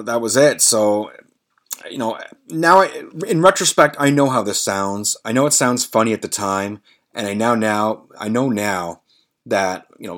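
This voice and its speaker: A man in his forties hosting a podcast, telling a long story in a rambling, profane way with many fillers. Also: lowish voice. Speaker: podcast host.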